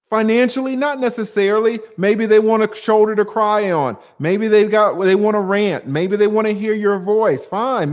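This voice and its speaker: Male stream host, high pitched, punchy rhetorical delivery, reads and answers chat. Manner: emphatic, rhetorical questions, casual swearing. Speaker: channel host answering viewer comments. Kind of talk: livestream commentary.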